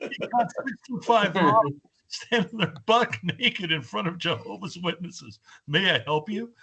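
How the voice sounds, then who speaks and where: A man guest on a podcast, telling animated stories in a casual chat. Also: high voice, breathy edge. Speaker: guest musician.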